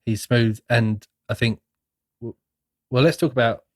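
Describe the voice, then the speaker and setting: A man co-hosting a casual film review podcast, an animated storyteller who acts out scenes with sudden squeaky voices. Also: unhurried, no room sound, clean studio sound. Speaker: podcast co-host.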